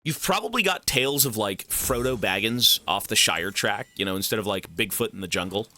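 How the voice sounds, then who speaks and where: A young man rambles casually to his stream chat mid-game, cursing freely and joking. His voice is strikingly bright and sharp, and his pitch swings widely up and down. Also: lively intonation, fairly quick, slight background noise. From Canada.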